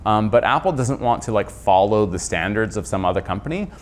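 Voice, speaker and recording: Animated man, author in a book interview. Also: fairly low pitch. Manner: animated, quick asides and self-corrections. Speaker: author and journalist guest.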